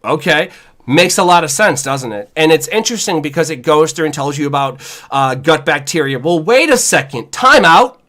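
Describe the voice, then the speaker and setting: A chef co-hosting a podcast, talking in a casual, animated, profane rant with lots of "y'all.". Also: male voice, a little high, normal speed. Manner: animated, profane, says "y'all" and "you know what I'm saying".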